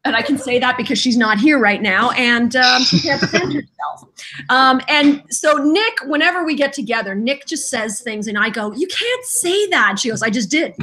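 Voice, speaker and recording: Lively woman guest, bright high voice, acts out every quote. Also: moderate pace. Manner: animated storyteller, acts out quotes. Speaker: voice actress guest. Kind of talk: casual interview chat.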